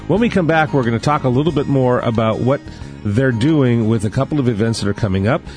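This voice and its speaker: A man's voice: mid-range voice, quick pace, darkish tone, soft background music. A man hosting a radio interview show, introducing his guest and leading into a break. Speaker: radio host.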